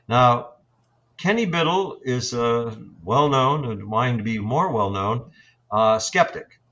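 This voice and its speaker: Older man telling ghost stories, halting. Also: medium pitch, lively intonation, a bit bright, muffled recording. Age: 60s. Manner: halting, reflective, with many fillers and restarts. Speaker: paranormal investigator guest. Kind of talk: storytelling in an interview.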